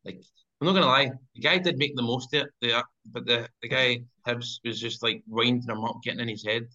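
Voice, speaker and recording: A Scottish man chatting about football as a podcast guest, animated and acting out scenes as he tells them. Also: medium pitch, a little fast. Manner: animated storyteller, acts out scenes. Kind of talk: casual football chat. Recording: dull lo-fi sound.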